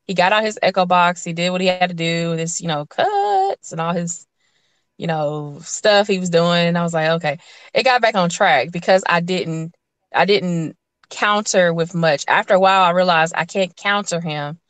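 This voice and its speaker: Woman, guest, lowish voice, animated storyteller, dry sound. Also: normal speed, clean tone, no room sound. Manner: animated storyteller, acts out quotes. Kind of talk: casual interview chat.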